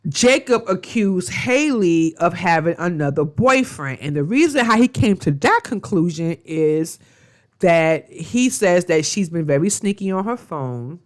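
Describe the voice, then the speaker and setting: A woman's voice: on the low side, expressive, measured pace. A woman recapping a reality TV episode in a casual, chatty way, with lots of fillers and slang. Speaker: reality TV reviewer.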